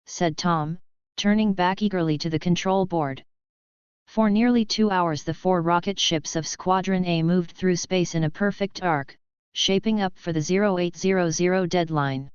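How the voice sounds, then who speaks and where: A woman narrating an audiobook in a steady, measured reading. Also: on the low side, clean tone, no echo, muffled recording. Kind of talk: scripted narration.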